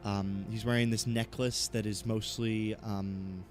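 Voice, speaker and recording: A man's voice: lowish voice, flat delivery, unhurried, soft background music. A man narrating a tabletop game as game master, describing scenes casually with many fillers.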